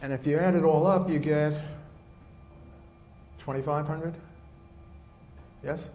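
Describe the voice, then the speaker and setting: A man with a weak, soft voice giving a classroom economics lecture, often stopping to restart and rephrase as he walks around the room. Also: fairly high pitch, fairly even intonation, a little hiss or hum. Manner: halting, often restarts and rephrases mid-sentence. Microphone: recorder clipped on, kept in pocket.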